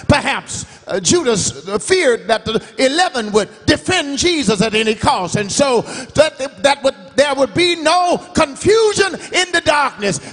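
Man preaching a revival in a church, high voice, sing-song shouty delivery, big echoey hall. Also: sing-song, a little slow, few pauses. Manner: emphatic preaching cadence, swinging between shouted and sung phrases. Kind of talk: sermon. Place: church sanctuary. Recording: long church hall reverb.

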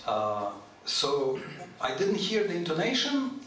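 A man giving an informal scripture lecture to a live group, chatty and animated, putting questions to his listeners and often clearing his throat. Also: on the high side, distant mic. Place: temple hall. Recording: very echoey hall, voice from off-mic, faint noise.

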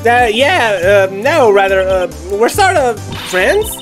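A woman's voice: fairly high pitch, sing-song, moderate pace, faint music behind. A woman voicing an awkward, stammering young male lawyer in a game playthrough. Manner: hesitant, stammering.

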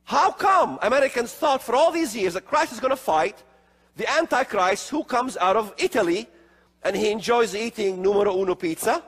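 High, lively man lecturing in a hall. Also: moderate pace, slightly rough. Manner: emphatic, rhetorical questions, sarcastic asides. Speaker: religious speaker. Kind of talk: emphatic prophecy lecture. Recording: long hall reverb.

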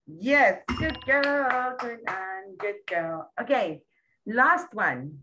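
A woman tutoring a young child one-on-one, patient and full of praise, repeating words slowly. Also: mid-range voice, expressive, lo-fi sound, over music. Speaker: English tutor.

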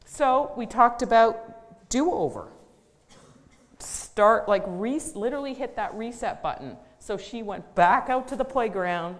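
In a large hall, a middle-aged occupational therapist relates a practical case story in plain language, with some fillers and restarts, as part of a conversational public talk. Her voice leans high, expressive and unhurried.

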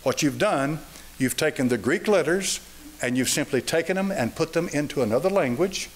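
A man preaching a sermon to a congregation, folksy and emphatic, with loud emphatic peaks. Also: fairly high pitch, expressive, moderate pace, husky. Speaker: pastor.

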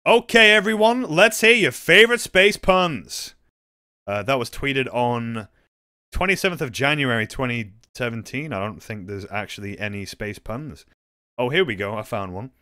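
A young man with a medium-pitched voice streams a game at a moderate pace, chatting and reacting. He's excitable, swinging into loud yelps and laughs during his gaming commentary.

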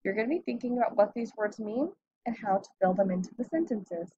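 A woman teaching a phonics lesson, reading words slowly and clearly one by one. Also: medium pitch, expressive, mellow, no room sound, highs cut off. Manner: slow, clear word-by-word reading.

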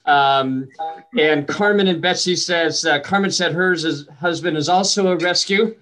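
A man's voice: fairly high pitch, a little slow, a bit bright, slight background noise. A middle-aged man hosting a comedy show over a video call, chatty and rambling, with wry self-deprecating asides. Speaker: show host. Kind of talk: casual hosting banter.

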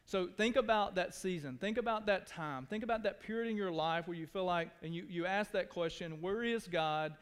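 A pastor preaching a sermon to his church, earnest, dropping to hushed tones and rising to pleading. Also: high-pitched, moderate pace, few pauses, smooth. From Texas. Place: church sanctuary. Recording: long hall reverb.

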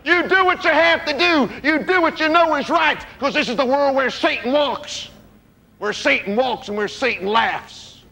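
A man's voice: extremely high pitch, moderate pace, pitched above the performer's own voice, heavily acted. A man playing a fervent, preachy male zealot ranting about doom in a stage monologue. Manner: fervent, preachy, rising to shouts.

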